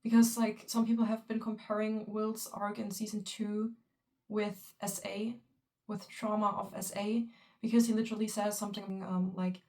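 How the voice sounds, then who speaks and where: A young woman giving excited, emotional fan reaction commentary, swearing often and piling on fillers. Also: mid-range voice, normal speed, distant mic. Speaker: fan vlogger.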